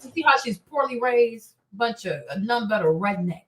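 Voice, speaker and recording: Fiery high-voiced woman host ranting profanely in an echoey room. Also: animated, normal speed, slight background noise. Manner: heated, blunt and profane, repeating lines for emphasis. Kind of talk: casual commentary.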